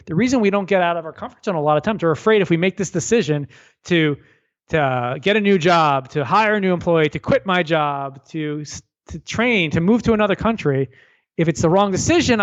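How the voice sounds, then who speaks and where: Animated male author telling a parable. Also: sits high, lo-fi sound. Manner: energetic storyteller, repeats words when restarting. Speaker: author and guest. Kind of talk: radio interview.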